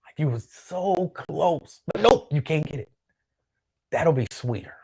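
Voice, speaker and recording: A man's voice: fairly high pitch, animated, measured pace, gravelly, darkish tone, husky. A man hosting his own show, chatting casually on his own and reading out viewer comments in a loose, rambling way that repeats itself. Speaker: show host.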